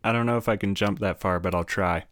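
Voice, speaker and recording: A man co-hosting a casual history podcast, trading deadpan jokes and wry asides. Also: fairly low pitch, fast talker, no echo. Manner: deadpan joking banter. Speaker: podcast co-host.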